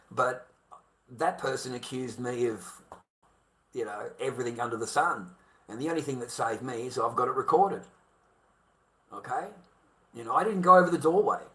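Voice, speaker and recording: A man's voice: mid-range voice, pushed and bright. A man with an Australian accent talking casually to camera, blunt and heavily profane, circling back with repeated rhetorical questions.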